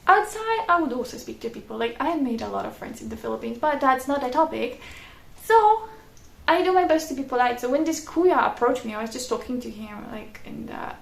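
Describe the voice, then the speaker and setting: High-voiced, gravelly young woman. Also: reverberant. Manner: chatty, laughing often, frequent "like" fillers. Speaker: vlogger. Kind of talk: casual storytelling.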